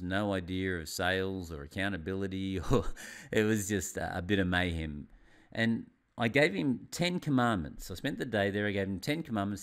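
A man, a business consultant giving a motivational presentation, telling his story with theatrical swings in pitch and volume and addressing the audience as ladies and gentlemen. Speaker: business consultant and seminar speaker.

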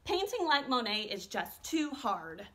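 A woman reading a storybook aloud and voicing a lively, determined young girl who loves to paint. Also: on the high side, measured pace, voice pushed down. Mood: discouraged.

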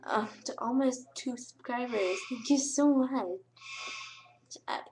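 A woman's voice: fairly high pitch, takes it slowly, darkish tone, a little hiss or hum. Giggly teenage girl gushing on camera. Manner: gushing, breathless, giggly, on the verge of tears. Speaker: vlogger. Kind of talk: excited casual vlog thanks.

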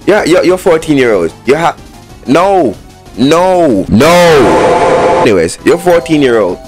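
A man giving excitable let's play commentary on a horror game, talking back to the game and swinging between boasting and panic. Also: a little high, a little fast, over music. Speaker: gaming YouTuber.

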